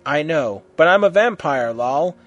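A man's voice: fairly high pitch, lively intonation, unhurried, lo-fi sound, soft background music. A man voicing a moody young gothic vampire boy who talks flippantly.

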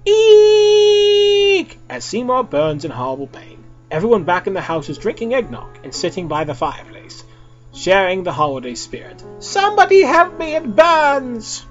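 A young man reads a silly story aloud in a playful, dramatic way. His voice sits a little high and swings widely in pitch. The recording is dull and lo-fi, with faint music underneath. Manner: switches between character voices, lively and playful. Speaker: reader of fan fiction.

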